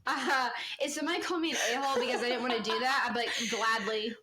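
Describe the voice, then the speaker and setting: A woman co-hosting a podcast in casual chat, telling stories in an animated, giggly way. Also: on the high side, fast, crowd noise. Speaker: podcast co-host.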